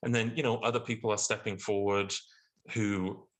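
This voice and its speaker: A man with a British accent casually telling a story, animated and acting out the people he quotes, his pitch jumping up when outraged. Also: normal speed, poor audio. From Britain.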